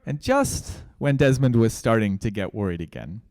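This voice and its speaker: Male guest preacher, storytelling sermon, smooth dry voice. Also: lowish voice, expressive, normal speed, a little mellow, dry recording. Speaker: guest speaker.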